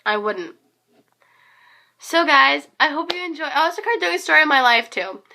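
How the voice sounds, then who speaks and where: A teenage girl with a hoarse voice, rambling and gushing in a casual vlog recap, full of fillers. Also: high voice, expressive, normal speed, sharp tone, slight background noise. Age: teens. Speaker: concert fan vlogger.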